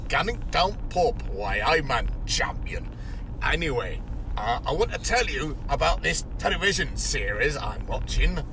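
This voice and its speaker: A man's voice: creaky, exaggerated voice. A man doing a comic impression of a crude, boozy Geordie man, rambling and swearing through a recorded voice message. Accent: put-on Geordie. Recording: noisy recording with car rumble.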